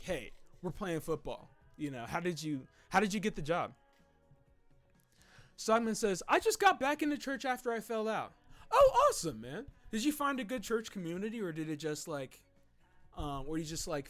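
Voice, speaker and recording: Reading out viewer comments and talking with his audience, a male livestream host keeps things laid-back and slangy, with a pitch that rises and falls energetically.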